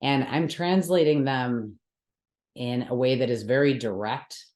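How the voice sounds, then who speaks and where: A woman's voice: a bass voice, a little slow, darkish tone. Patient woman teacher in a roomy space. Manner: patient step-by-step explaining, frequent check-ins with the class. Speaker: yoga and Sanskrit teacher. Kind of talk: teaching a mantra workshop. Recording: roomy echoey room.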